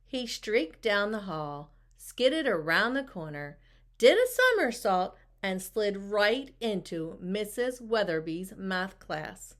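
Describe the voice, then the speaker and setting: A woman reading a picture book aloud, expressive and talking to the listeners with questions. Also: mid-range voice, takes it slowly. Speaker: storybook reader.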